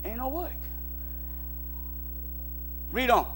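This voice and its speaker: A man preaching a sermon in plain folksy speech, dropping into low asides and then rising to shouted exhortation. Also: sing-song, extremely slow, slight background noise. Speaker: pastor. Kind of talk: call-and-response sermon.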